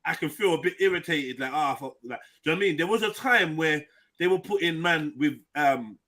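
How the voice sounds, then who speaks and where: A man hosting a casual panel chat, animated and mocking. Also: on the high side, fairly quick.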